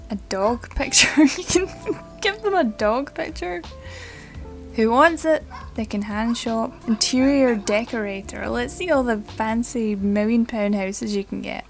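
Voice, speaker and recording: A young woman talks through a video game in a casual, excitable way. Her voice sits a little high, and she giggles and swears casually. Faint music plays quietly behind her. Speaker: let's play gamer. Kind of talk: casual gameplay commentary.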